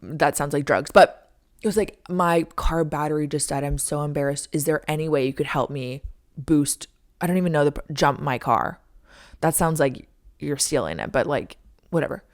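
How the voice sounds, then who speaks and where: Woman, podcast host, low voice, casual storytelling, animated, twenties. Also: normal speed. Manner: animated, frequent "like", acts out her own lines in a high squeaky voice.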